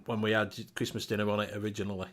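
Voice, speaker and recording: A man's voice: lowish voice, flat delivery, racing, a bit bright. A man hosting a casual live chat show, reading out viewer comments, laughing often and swearing casually.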